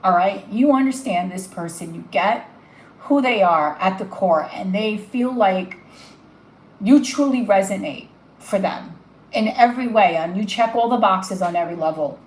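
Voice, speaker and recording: Woman, tarot reader, live stream, emotional, gushing, mid pitch, roomy echo. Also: normal speed. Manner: emotional, gushing, talks straight to the viewer.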